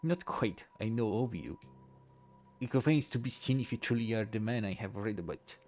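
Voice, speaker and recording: A man's voice: lowish voice, animated, normal speed, darkish tone, soft background music, lightly acted. A man voicing a formal, polite male French academic who hunts frauds, with a put-on French accent, reading game dialogue aloud. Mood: courteous.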